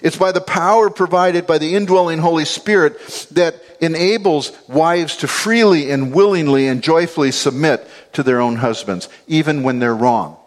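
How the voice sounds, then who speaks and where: A man's voice: a little high, moderate pace, few pauses. A middle-aged man preaching a sermon, telling stories with acted-out quotes and chuckles. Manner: animated storytelling with acted-out quotes and laughs. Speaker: pastor.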